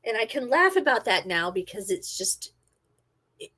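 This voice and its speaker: A middle-aged woman and former army medic, casually telling a story and acting out her own quotes loudly. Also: fairly high pitch, big pitch swings, moderate pace.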